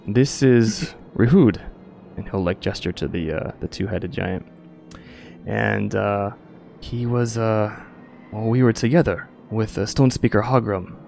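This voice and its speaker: A man with a low, gravelly voice narrates a tabletop game as its game master. He talks in a relaxed way, pausing often with fillers, while faint music plays behind him. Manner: relaxed, frequent filler pauses.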